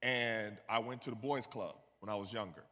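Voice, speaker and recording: A man's voice: lowish voice, moderate pace, sharp tone. A man telling a personal story as a conversational sermon, often checking in with "you know what I mean.". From New York. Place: church sanctuary. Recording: long hall reverb.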